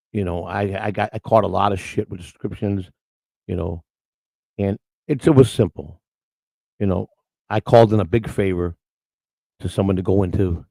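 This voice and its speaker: An older man hosts a morning show in a warm, lowish voice with vocal fry and no echo. He's a rambling storyteller, restarting often and acting out quotes in casual chat.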